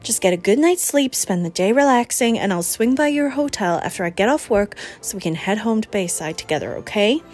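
A woman voicing a lively young woman who is a protective best friend, emphatic and teasing, raising her pitch for the part. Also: a little fast, hardly any pauses, soft background music, close to an everyday voice.

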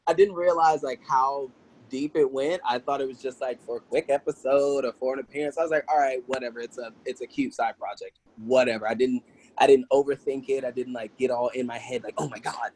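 A man speaking as a podcast guest, telling casual stories with lively energy and acting out other people's voices. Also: medium pitch, fairly quick, slight background noise, low-quality recording. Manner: animated, acts out quoted voices, laughs often. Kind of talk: casual storytelling interview.

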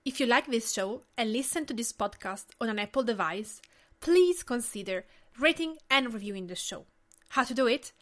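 A woman in her late thirties from Tuscany, Italy, hosts her own podcast in an Italian accent, delivering a scripted, earnest and personal monologue. Her fairly high, fairly bright voice has lively intonation and a moderate pace.

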